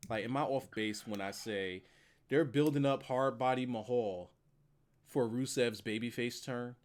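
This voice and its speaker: A man's voice: mid-range voice, a little slow. A man reviewing a wrestling show in a casual, profane chat, laughing often. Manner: animated, profane, laughs a lot.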